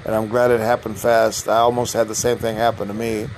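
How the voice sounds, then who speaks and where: A man's voice: fairly low pitch, level tone, brisk, a little hiss or hum, low-quality recording. An older man, a navy submarine veteran, telling casual stories in a rambling way, with frequent restarts and fillers. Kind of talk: casual storytelling.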